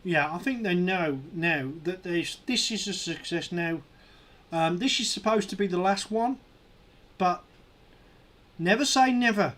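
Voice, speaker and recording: A man hosting a live stream, excitedly counting up backer totals and cheering milestones. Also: high-pitched. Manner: excitable, counting numbers aloud, shouting at milestones.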